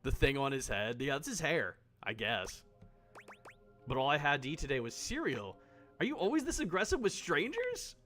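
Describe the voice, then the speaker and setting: A man's voice: fairly high pitch, sing-song, normal speed, fairly bright tone, soft background music. A man streaming a game live, talking casually and sarcastically, swearing often.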